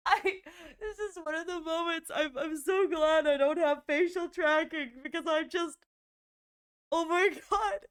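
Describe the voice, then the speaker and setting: A woman streamer chatting casually on a live stream, excitable and laughing often, gushing thanks and shrieking in mock horror. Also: extremely high pitch, unhurried.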